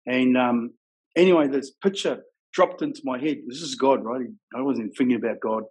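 Husky New Zealand man, frank and rough-edged. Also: medium pitch, fairly quick, darkish tone, low-quality recording. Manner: rough-edged, frank, says "bro" and "you know what I mean" often. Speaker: guest telling his life story. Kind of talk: casual storytelling.

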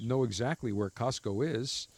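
A man's voice: mid-range voice, moderate pace, darkish tone, slightly rough. A man hosting a podcast in casual banter, blunt and teasing, with a mock-military swagger. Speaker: podcast host.

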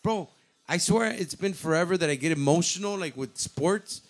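A man's voice: high voice, normal speed. Profane bilingual man ranting casually. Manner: profane, excitable, mixes English and Spanish slang. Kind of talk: casual chat.

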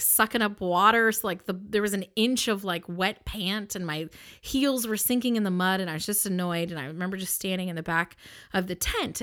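Bright-voiced woman telling a story. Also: mid-range voice. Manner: expressive, emphatic, with frequent laughs and restarts. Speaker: podcast host. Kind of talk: personal storytelling. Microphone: personal microphone.

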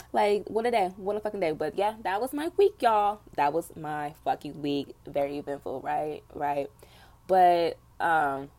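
A woman's voice: fairly low pitch, darkish tone. A young woman hosting her own podcast, venting bluntly with lots of swearing in casual chat. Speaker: podcast host.

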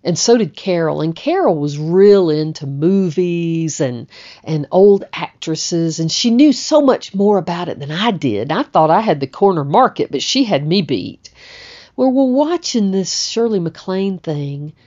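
A woman's voice: lowish voice, animated, unhurried, mellow, lo-fi sound. A middle-aged woman, telling a personal story in a chatty, conversational way. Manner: chatty, conversational, with frequent "you know" and "like".

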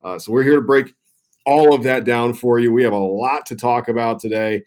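A man's voice: mid-range voice, steady tone, a little fast, darkish tone. A young man co-hosting a sports podcast, talking loosely and rambling, swearing casually. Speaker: podcast co-host.

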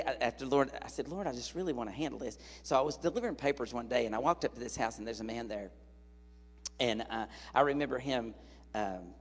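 Brief: middle-aged male evangelist, husky, folksy storyteller, preaching in a reverberant church hall. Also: medium pitch. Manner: folksy, animated, jokes with the congregation. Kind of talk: sermon with storytelling.

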